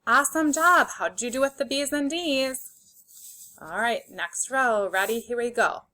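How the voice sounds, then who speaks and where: Speaking in a fairly high, sharp-toned voice, a woman gives young kids a phonics reading lesson. Her delivery is slow, clear and encouraging, with each letter sounded out on its own and lots of cheering.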